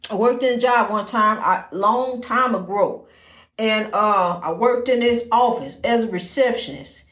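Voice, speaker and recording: A woman with a fairly high, fairly bright voice speaks unhurriedly in an echoey room. She hosts her own podcast, offering faith-based encouragement in a folksy, rambling style packed with "you know." It's casual inspirational talk.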